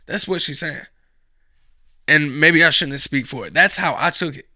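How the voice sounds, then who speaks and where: A man's voice: a little high, moderate pace, bright, forceful tone, no room sound, studio quality. A man hosting a reaction show, giving blunt, profane commentary on a video clip.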